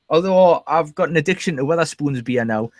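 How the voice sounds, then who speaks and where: A man's voice: fairly high pitch, expressive, moderate pace, a little mellow, no echo. A man hosting a casual, rambling, jokey chat. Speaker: podcast host.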